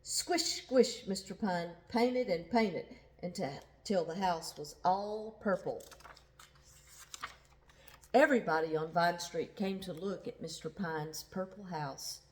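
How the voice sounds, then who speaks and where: A woman reading a children's picture book aloud, slowly and expressively, with sound effects. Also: fairly low pitch. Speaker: storyteller.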